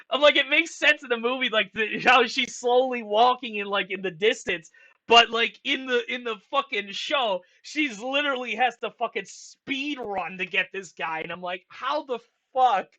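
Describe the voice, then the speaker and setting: A young man giving casual, rambling commentary as a channel host, excitable and swearing often. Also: very high-pitched, normal speed. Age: young adult. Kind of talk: casual commentary ranking a franchise.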